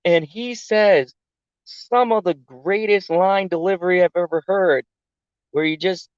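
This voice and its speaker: An adult reviewer talking through a TV episode in a casual, animated way and swearing freely. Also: mid-range voice, a little slow, smooth, no room sound, muffled recording. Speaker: TV show reviewer.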